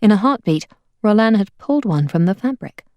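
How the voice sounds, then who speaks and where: A woman narrating an audiobook in an expressive storytelling manner. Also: medium pitch, fairly quick, dry recording, dull audio. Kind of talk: audiobook reading.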